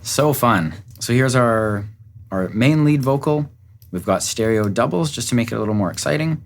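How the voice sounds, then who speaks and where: A man's voice: medium pitch, lively intonation, moderate pace. A man, a music producer, giving an upbeat, enthusiastic walkthrough of how a song was produced. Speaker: music producer and recording engineer. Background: faint music from the track.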